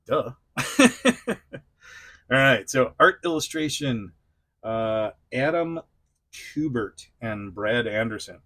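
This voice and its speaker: Slow-talking man chuckling through a toy unboxing. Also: mid-range voice, very animated, fairly bright tone. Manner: rambling, frequent chuckles and restarts. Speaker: toy collector reviewer. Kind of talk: casual unboxing commentary.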